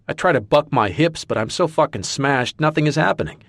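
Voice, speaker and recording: A man's voice: medium pitch, animated, normal speed, gravelly, few pauses, a bit bright, no room sound, studio quality. A man narrating an audiobook in the first person with intense, dramatic delivery.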